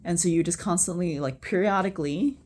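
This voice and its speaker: A healthcare worker casually teaching a friend a calming technique, rambling with restarts and chant-like repeated phrases, sometimes swearing bluntly. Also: mid-range voice, fairly quick. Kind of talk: casual spoken instruction. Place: at home before bed.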